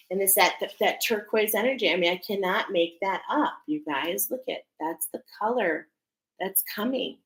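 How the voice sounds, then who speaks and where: A woman's voice: mid-range voice, fairly bright tone. Woman host, oracle card reader, earnest and emphatic delivery, in an echoey room. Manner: earnest, emphatic, repeats "okay?" often. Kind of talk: spiritual card reading to viewers.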